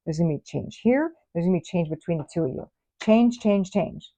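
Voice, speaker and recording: A woman's voice: on the low side, animated, brisk, warm tone, slight background noise, close to an everyday voice. A woman voicing a spirit that chants a warning over and over. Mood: insistent. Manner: chanting, repetitive. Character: insistent spirit repeating a warning.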